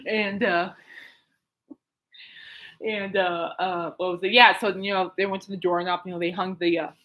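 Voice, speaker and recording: A woman hosting her own podcast alone at home at night, telling a long story in a rambling, excitable way full of fillers and asides. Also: on the low side, moderate pace, poor audio. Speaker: podcast host. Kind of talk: casual rambling monologue.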